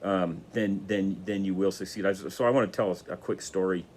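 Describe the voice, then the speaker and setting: Man, low voice, casual motivational talk, rambling storyteller. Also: steady tone, moderate pace, a little mellow, slight background noise. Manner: rambling, many restarts and fillers. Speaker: motivational speaker.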